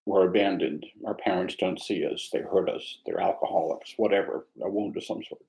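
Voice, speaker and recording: A man teaching meditation, speaking in a reflective, conversational way with a gently self-mocking humor. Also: low voice, steady tone, normal speed, creaky, low-quality recording. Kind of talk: mindfulness dharma talk.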